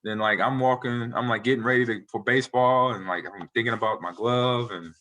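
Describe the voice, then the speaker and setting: A man in his forties, a retired football player, telling animated, rambling stories as a guest in a casual interview. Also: mid-range voice, a little fast. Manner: animated, rambling storyteller who acts out quotes.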